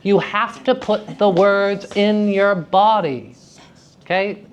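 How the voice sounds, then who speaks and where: A man teaching a class of young actors, lively and enthusiastic, often checking in with questions to his students. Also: sits high, slow pace, clean tone, dull audio. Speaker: theater teacher giving a lecture. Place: school hall with student audience.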